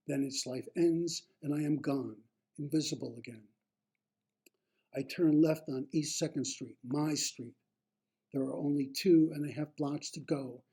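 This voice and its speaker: A man reading his own memoir aloud, slow and deliberate in the first person. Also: fairly high pitch, mellow, breathy edge.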